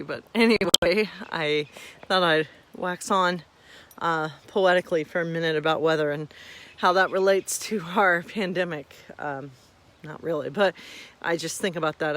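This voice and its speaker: A woman's voice: lowish voice, fairly bright tone. A woman pastor hosting a home stream, talking casually to viewers in a rambling, self-deprecating way, slightly out of breath. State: a little out of breath.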